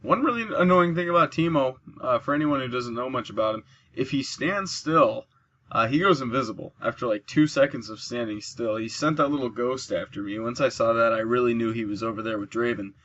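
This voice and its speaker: A man's voice: mid-range voice, brisk, highs cut off. A man giving chatty let's play commentary, explaining moves and cheering at his kills. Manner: chatty, explains mechanics, excited bursts at kills. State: sleepy, yawning. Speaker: gameplay commentator.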